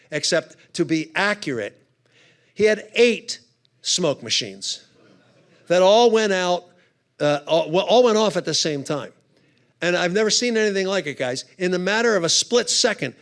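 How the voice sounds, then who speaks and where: Male conference speaker, comic storyteller, slightly higher voice, acts out the other characters. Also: creaky. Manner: humorous, animated storyteller acting out voices. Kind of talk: storytelling talk to a men's conference.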